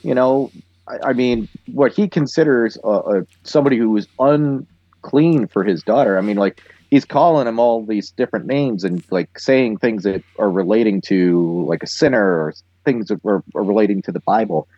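A man's voice: lowish voice, warm tone, dry recording. Wry man on a dull, dry mic. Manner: wry, laughing, drawn-out commentary. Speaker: podcast co-host. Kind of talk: casual chat recapping an episode.

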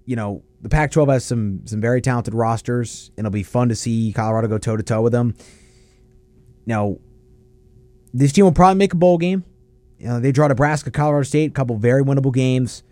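A man hosting a casual college football talk show, breaking down games with quick asides. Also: mid-range voice, no echo. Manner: lively, animated analysis with quick asides.

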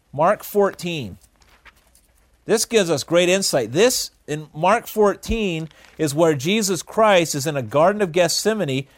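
A man teaching a Bible study in a conversational way, often asking the listeners questions and pausing on "uh". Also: a little high. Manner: conversational, asks the audience questions, frequent uh fillers.

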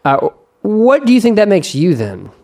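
A man's voice: sits high, huge pitch swings, normal speed, dark tone. A man hosting a podcast in casual chat, teasing his guest and talking loosely with lots of fillers. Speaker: podcast host.

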